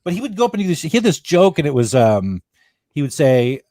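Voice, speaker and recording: A man's voice: on the high side, big pitch swings, brisk, mellow, no room sound. Forties comic guy reminiscing, kinda rambly, dry close sound. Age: 40s. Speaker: guest comedian. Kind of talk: casual chat.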